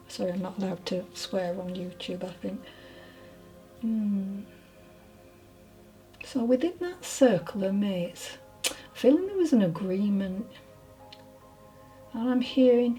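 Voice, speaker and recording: Woman, medium reading, slow hesitant speech, whispered asides, faint music behind. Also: mid-range voice, warm tone, rough recording. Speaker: spiritual medium.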